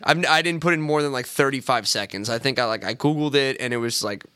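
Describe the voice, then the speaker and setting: A man's voice: mid-range voice, fast, sharp tone, clean tone, no echo. A man co-hosting a casual podcast, worn out and rambling loosely with self-mocking jokes. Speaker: podcast co-host. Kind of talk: casual banter.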